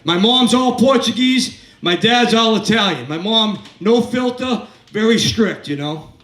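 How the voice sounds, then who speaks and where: A high-pitched man in his fifties tells crude, wandering stories on a comedy club stage and jokes with the audience. His voice comes from a distance and rings around an echoey room. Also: animated, unhurried, a bit bright. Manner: crude, rambling storytelling with crowd work. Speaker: stand-up comedian. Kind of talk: stand-up set.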